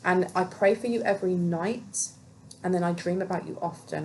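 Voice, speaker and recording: A woman's voice: on the low side, normal speed, vocal fry, background noise. A woman giving a solo tarot reading, musing aloud and questioning the cards as she goes. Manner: musing, talks to herself and the cards. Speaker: tarot reader.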